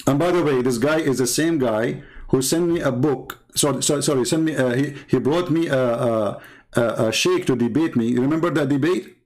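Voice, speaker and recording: In a brisk, mid-range, somewhat mellow voice, an Arab Christian apologist with an Arabic accent offers mocking polemical commentary. He is sarcastic and taunting, firing off repeated words in bursts.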